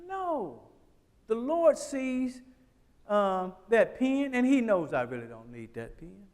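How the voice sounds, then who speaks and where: A man's voice: high-pitched, sing-song, slow, a little mellow, long reverb tail. A man teaching a Bible class in a church, talking conversationally, often checking in with the class and repeating words as he thinks.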